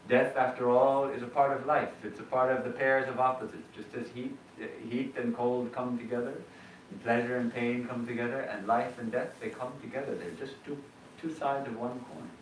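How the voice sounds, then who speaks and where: A man, a monk, giving a measured and reflective sermon with hesitations in a temple hall. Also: mid-range voice, level tone, a little hiss or hum. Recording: roomy hall, distant mic.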